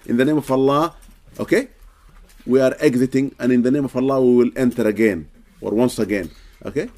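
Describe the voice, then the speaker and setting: A man's voice: medium pitch, fairly quick, mellow. A man answering questions as an Islamic teacher in a casual talk, earnest and checking understanding with frequent "okay?".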